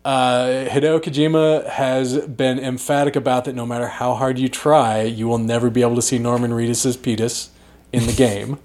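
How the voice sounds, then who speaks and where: A man's voice: medium pitch, flat delivery, moderate pace, darkish tone. A man hosting a casual podcast, with playful, wordy banter. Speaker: podcast host.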